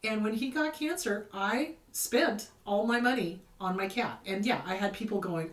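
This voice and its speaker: A woman's voice: medium pitch, normal speed, few pauses. A woman therapist hosting a show, giving casual advice in a blunt, emphatic way and repeating her key points. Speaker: therapist host answering viewer questions. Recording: roomy echo, mic at a distance.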